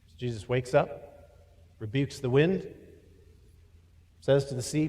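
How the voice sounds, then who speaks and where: A man's voice: mid-range voice, unhurried, pauses often, in a large hall. Storytelling preacher man in a church. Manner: storytelling, shifting from loud to hushed. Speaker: pastor. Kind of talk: sermon.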